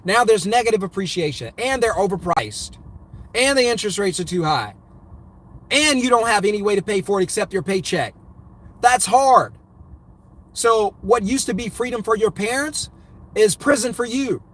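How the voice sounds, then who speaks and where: High-voiced man preaching about money. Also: animated, normal speed, a bit bright. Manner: emphatic, repetitive, preachy. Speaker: host. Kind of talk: motivational money talk to viewers.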